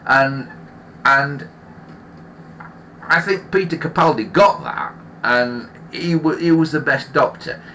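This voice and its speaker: A man's voice: a little high, slow pace, pauses often, bright, forceful tone, a little hiss or hum. A man hosting a live stream, ranting in an opinionated, grumbling way and often restarting his sentences. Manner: rambling with frequent restarts. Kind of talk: casual live-stream chat.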